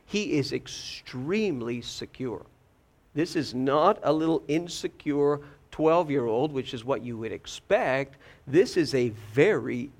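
A man preaching a sermon, telling a story in an animated way, repeating words and joking about himself. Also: fairly high pitch, gravelly.

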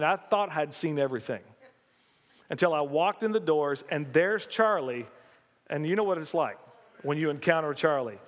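A male pastor, preaching an animated, folksy sermon with call-and-response to his congregation. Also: a little high, long reverb tail. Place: church sanctuary.

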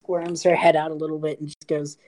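A woman narrating a tabletop game as game master, animated and swearing as she tells the story. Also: low voice, fairly quick, poor audio.

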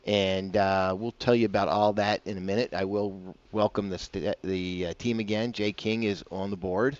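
A man's voice: lowish voice, fairly even intonation, normal speed, highs cut off. A man hosting a casual morning golf radio show, rambling and chatty with self-deprecating asides, on a broadcast mic. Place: broadcasting from a bar.

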